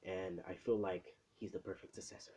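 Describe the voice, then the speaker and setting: Man doing a proud grown male mentor hero, measured, warm dark tone. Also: deep voice, fairly even intonation, breathy edge, voice pushed down. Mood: admiring.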